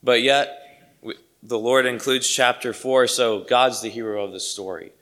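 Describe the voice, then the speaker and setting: A man's voice: mid-range voice, measured pace, fairly bright tone. A man preaching a sermon to his congregation, earnest and emphatic, repeating key phrases for weight.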